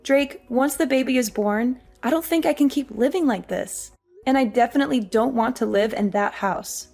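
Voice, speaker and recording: A woman playing a weary, high-voiced young wife. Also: normal speed, vocal fry, a little mellow, soft background music. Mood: upset. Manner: weary, pleading. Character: exhausted young working wife. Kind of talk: audio drama acting.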